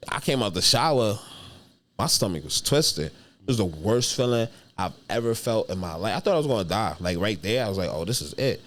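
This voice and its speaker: A man's voice: on the low side, expressive, a little fast. A young adult man, telling a story as a comedian guest on a podcast in a casual, slangy, profane way. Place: podcast studio.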